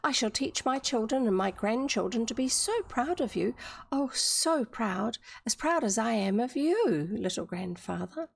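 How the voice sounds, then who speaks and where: A loving little girl pleads through her tears in an earnest storybook voice, put on by a woman with a New Zealand accent. The voice sits higher than the reader's own, with a touch of gravel underneath. The delivery stays sincere and tender. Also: animated, unhurried, full character voice. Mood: fond.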